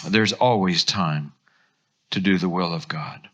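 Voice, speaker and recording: A pastor with an American accent preaching a sermon, telling stories with lively acted-out quotes. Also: male voice, low-pitched, measured pace. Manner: animated storytelling, acts out quotes.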